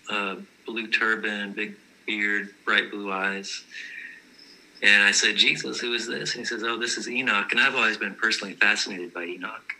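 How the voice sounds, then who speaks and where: Man, casual personal storytelling, earnest, matter-of-fact, very bright tense tone, flat even delivery. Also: on the low side, poor audio. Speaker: guest telling his vision stories.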